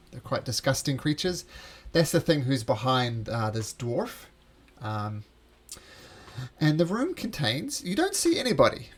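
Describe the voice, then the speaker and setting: A man acting as game master, narrating a tabletop game in a loose, rambling way. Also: medium pitch.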